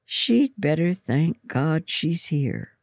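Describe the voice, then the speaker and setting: A reader voicing a sly, cold older nun who speaks calmly and with false cheer. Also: mid-range voice, takes it slowly, no echo, clean studio sound, exaggerated voice. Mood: scornful.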